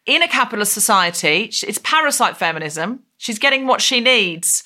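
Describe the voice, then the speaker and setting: Recording remotely over Zoom from home, a woman hosts a comedic podcast in a mid-range voice that's expressive, fairly quick, pushed and bright. She's playful and theatrical, full of mock indignation.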